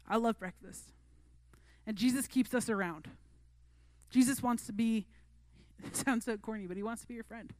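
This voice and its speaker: A woman's voice: on the high side, no room sound. A woman preaching a sermon to a youth group in an earnest, conversational way. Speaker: youth pastor.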